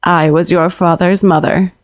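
A woman voicing an old witch who is a grandmother, speaking in terse, measured questions with a slightly creaky voice in an audiobook fiction reading. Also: fairly low pitch, little pitch movement, no room sound, clean studio sound, natural voice. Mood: grave.

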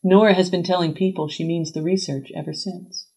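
A woman reading a literary story aloud as a scripted narration, measured and even. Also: on the low side, low-quality recording.

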